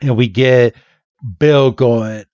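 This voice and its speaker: A man's voice: mid-range voice, fairly even intonation, slow pace, darkish tone, dry recording, lo-fi sound. A man hosting a podcast and retelling a comic chapter in a chatty, casual way. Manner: chatty, laughing storyteller. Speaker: podcast host.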